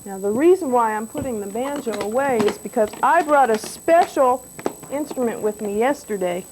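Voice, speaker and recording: High, gentle woman teaching little kids. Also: animated, normal speed, noisy background. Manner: gentle, patient, asks children questions. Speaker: music teacher for young children. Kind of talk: classroom music lesson with songs. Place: classroom. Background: banjo playing.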